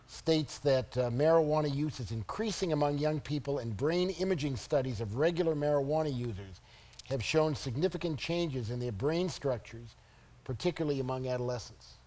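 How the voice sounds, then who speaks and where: A man moderating a public forum discussion, halting and repeating words as he asks questions. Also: a little high, a little mellow.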